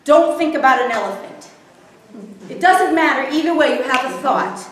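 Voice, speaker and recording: A woman leads a spiritual workshop for a live audience, frequently checking that everyone is following along. Her voice is high-pitched and animated, moving at a moderate pace. The recording is distant and very echoey, with faint background noise.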